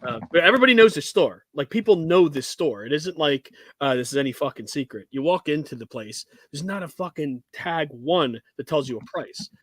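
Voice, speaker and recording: A man's voice: on the high side, expressive, a little fast, few pauses, fairly bright tone, dry recording. A man co-hosting a casual chat, blunt and profane, saying he tells it like it is. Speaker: co-host.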